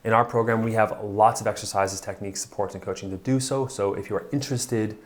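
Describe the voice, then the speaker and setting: A man's voice: on the low side, fairly even intonation, fast. A man coaching husbands in a blunt, pushy motivational talk, swearing for emphasis. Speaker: marriage coach.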